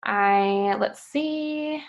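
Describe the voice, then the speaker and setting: A woman's voice: mid-range voice, extremely slow, dull audio. A woman hosting a team call, upbeat and encouraging, speaking casually with fillers.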